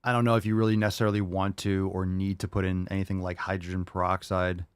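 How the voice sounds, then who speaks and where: A man's voice: deep voice, flat delivery, quick pace, clean tone, no echo. A man hosting a podcast, answering listener questions in a loose, rambling chat with jokey asides. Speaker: podcast host.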